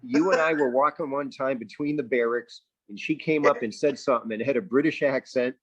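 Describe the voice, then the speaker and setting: A man's voice: mid-range voice, a little fast, slightly rough. A man chatting casually with a friend, asking questions and recalling a shared memory. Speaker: podcast guest. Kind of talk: casual chat. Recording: dry, muffled remote line.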